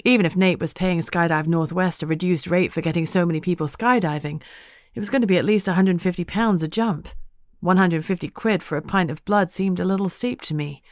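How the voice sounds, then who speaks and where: A woman with a fairly low voice reads a first-person audiobook. Her delivery is steady and measured, with a dry wit. The recording is close and dry, with no room sound. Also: no echo. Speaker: audiobook narrator.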